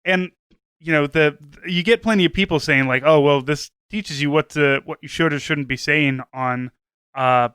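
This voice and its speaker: A man's voice: on the high side, normal speed, fairly bright tone, smooth, dry recording. A man co-hosting a podcast, talking in an earnest, rambling way full of fillers. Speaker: podcast co-host. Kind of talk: casual podcast chat.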